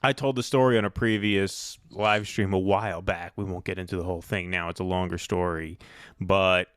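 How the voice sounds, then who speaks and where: A man's voice: low-pitched, fairly even intonation, normal speed, fairly bright tone, clear, resonant tone, dry recording, studio quality. A man from the New York City area hosting a political podcast, talking bluntly and with strong opinions. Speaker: podcast host. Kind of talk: casual political podcast chat.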